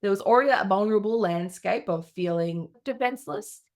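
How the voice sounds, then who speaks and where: A middle-aged woman, a coach telling stories on her podcast with lively, animated delivery. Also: brisk. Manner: lively, animated storytelling with big pitch jumps. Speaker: business coach. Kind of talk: storytelling podcast monologue.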